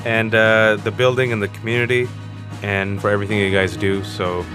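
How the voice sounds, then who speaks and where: A man in his forties, a podcast guest, talking candidly as an animated storyteller, earnest and self-mocking. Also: on the low side, fairly quick, over music. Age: 40s. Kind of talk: candid conversational interview.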